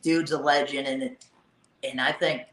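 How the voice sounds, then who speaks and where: A man who is a podcast guest, talking in a relaxed, halting way and restarting his sentences. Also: medium pitch, roomy sound, low-quality recording. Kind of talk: casual chat.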